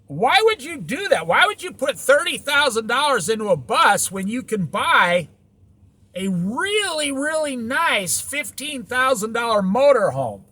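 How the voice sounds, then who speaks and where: Male vlogger, high bright voice, swooping emphatic delivery, lecturing monologue, dry close sound. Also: big pitch swings, measured pace, no room sound. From United States. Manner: preachy, repetitive, emphatic rhetorical questions. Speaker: van-life vlogger. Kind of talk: opinionated casual monologue.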